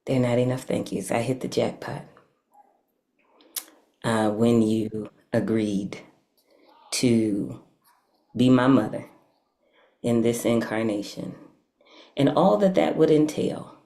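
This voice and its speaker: A woman's voice: very deep voice, slow, long pauses, dark tone. A woman giving heartfelt, emphatic thanks to her mentors, repeating phrases for weight.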